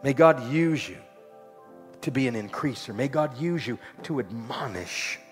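A man preaching a sermon with rhythmic repetition, swinging from loud exhortation to soft, low lines. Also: expressive, unhurried. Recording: long hall reverb with faint music.

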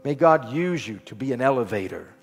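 A man preaching a sermon with rhythmic repetition, swinging from loud exhortation to soft, low lines. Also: lively intonation, brisk, lo-fi sound. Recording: long hall reverb with faint music.

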